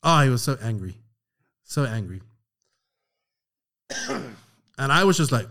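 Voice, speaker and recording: A middle-aged man telling a story on a podcast, animated and profane, acting out the lines of the people in it. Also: medium pitch, unhurried, long pauses. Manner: animated, profane, acts out quotes. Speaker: podcast co-host. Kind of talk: casual storytelling chat.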